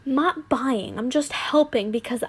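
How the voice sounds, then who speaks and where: A woman's voice: sits high, measured pace, slightly rough. Woman reading as a proud cold nobleman. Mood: haughty. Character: cold proud aristocratic father, middle-aged man. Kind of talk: amateur fanfiction reading.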